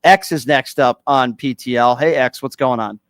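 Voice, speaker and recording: A man's voice: medium pitch, moderate pace, fairly bright tone, smooth, no echo. A male host of a call-in radio show who presses callers with pointed, repeated questions into a studio microphone.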